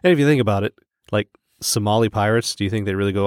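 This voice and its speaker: A man's voice: on the low side, fast, smooth, dry recording. Laid-back man co-hosting a podcast, dry sound. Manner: jokey, laughs often, trails off in restarts. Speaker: podcast co-host. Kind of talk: casual chat.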